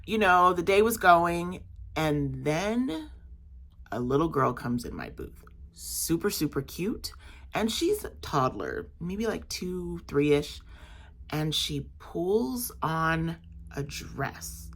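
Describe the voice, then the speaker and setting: A young adult woman vlogs about her day at a market stall, talking in a loose, animated way full of "um" and "like." Her voice sits slightly low but has a bright, forward edge. She tells it casually, as if talking to friends. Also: slow. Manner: animated, chatty storytelling with many fillers. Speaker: market vendor vlogger. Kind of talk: casual storytelling vlog.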